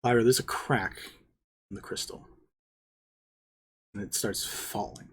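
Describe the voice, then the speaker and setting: A game master narrating a tabletop role-playing scene in a slow, deliberate way. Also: medium pitch, breathy edge.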